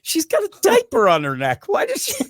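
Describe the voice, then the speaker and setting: Excitable podcast guy ranting about comics, cusses a lot, high voice jumping all over. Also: normal speed, no echo. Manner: animated, swearing, laughing, mimicking characters. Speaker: comic book podcast host. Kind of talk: casual chat.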